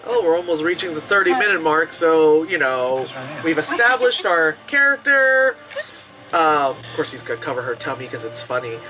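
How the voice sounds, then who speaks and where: A movie reviewer reacts in a loose, joking way, often breaking into laughter and cursing. The pitch jumps around a lot as they mimic the characters on screen. Loud film music plays underneath the whole time. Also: sing-song, moderate pace. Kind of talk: casual movie reaction commentary. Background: film soundtrack music playing.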